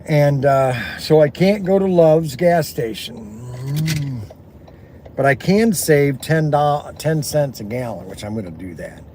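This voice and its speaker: A man's voice: medium pitch, warm tone. A man vlogging from inside his car, talking in a chatty, rambling way with folksy exclamations, recorded on a phone camera. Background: faint road and vehicle noise.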